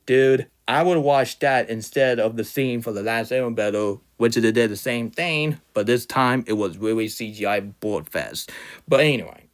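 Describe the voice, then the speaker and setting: A young man ranting off the cuff with a middle-pitched voice, heated and insulting toward the person he criticizes. He often stumbles, repeats words and restarts his sentences. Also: normal speed. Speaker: fan ranter. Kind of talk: unscripted ranting commentary.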